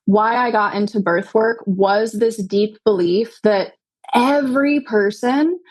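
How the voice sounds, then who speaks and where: A woman's voice: on the high side, slow, a little mellow, rough recording. A woman talking as a podcast guest, a yoga teacher and doula, speaking earnestly and reflectively and often ending thoughts with tag questions. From United States. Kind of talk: conversational interview.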